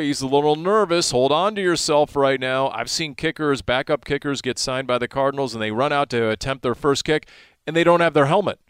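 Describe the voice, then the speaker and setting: A man talking sports on the radio as a sideline reporter, spinning his stories with lots of energy. His voice leaps upward whenever a moment excites him. The sound is close and dry, with no room around it. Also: medium pitch, smooth, no room sound. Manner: animated storytelling, voice jumps up in excitement.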